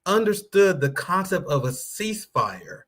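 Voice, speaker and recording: A man talking casually on a podcast panel, conversational and a bit halting. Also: high voice, sing-song, fairly bright tone. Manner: conversational, with frequent fillers and restarts.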